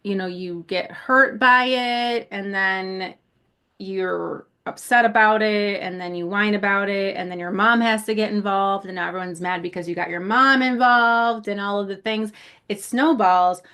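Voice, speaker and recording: Ny woman on a podcast, rambly storyteller, cusses easy, mid pitch. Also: fairly even intonation, unhurried, bright, forceful tone, clear, resonant tone. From South Buffalo, New York. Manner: rambling storyteller, swears casually, laughs often. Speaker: podcast co-host. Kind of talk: casual chat.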